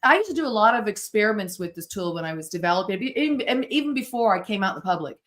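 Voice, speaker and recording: A middle-aged woman from the United States, a podcast guest telling stories in an animated, self-interrupting way. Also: medium pitch, rapid-fire. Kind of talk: casual storytelling interview.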